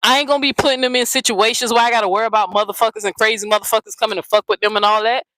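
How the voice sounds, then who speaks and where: A woman's voice: a little high, fairly even intonation, very fast, sharp tone, dry recording, rough recording. A woman hosting a commentary channel, ranting bluntly and profanely, often repeating herself. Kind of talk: heated casual commentary rant.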